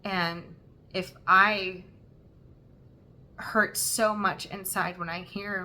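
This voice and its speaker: A young woman hosting a stitching vlog, talking in an earnest, halting and emotional way. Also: medium pitch, fairly even intonation, bright, forceful tone, a little hiss or hum. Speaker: Flosstube host. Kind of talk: heartfelt personal vlog talk.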